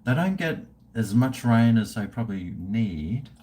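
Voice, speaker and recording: Tipsy Australian bloke hosting a live stream, slow and loose, swears freely while he chats. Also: medium pitch, big pitch swings, heavy background noise. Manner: rambling and profane, reading out viewer chat. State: tipsy from drinking. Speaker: livestream host. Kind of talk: casual live-stream chat.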